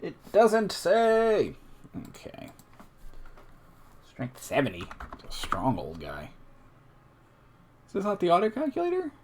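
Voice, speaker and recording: A man's voice: medium pitch, wildly swooping pitch, a little slow, pauses often, slight background noise. A man streaming a solo tabletop game, casually thinking aloud and reading numbers off a character sheet, with asides to his chat.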